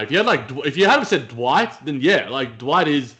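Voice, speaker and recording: A man co-hosting a casual podcast, animated, laughing often and swearing casually. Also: mid-range voice, moderate pace. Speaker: podcast co-host. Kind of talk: casual chat.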